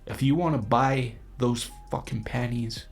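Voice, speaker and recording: A man's voice: mid-range voice, measured pace, vocal fry, soft background music. A young man hosting his own podcast, talking in a brash, profane, boastful monologue. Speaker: podcast host. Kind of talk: crude comedic monologue.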